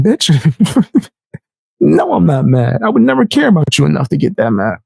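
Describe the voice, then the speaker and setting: Young guy streaming, trash talking and cussing a lot, gravelly voice, dry close sound. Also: moderate pace, long pauses, no room sound. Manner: brash, profane trash talk with frequent laughs; animated, jumping sharply high when mocking. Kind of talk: casual stream commentary.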